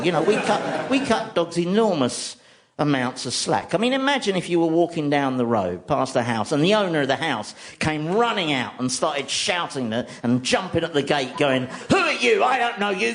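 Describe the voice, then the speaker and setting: A man tells comic stories for a radio show in a wry, deadpan manner. His pitch moves about in a lively way as he talks. A steady background noise runs under the recording. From London, England. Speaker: comedy host. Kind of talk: stand-up comedy monologue on radio.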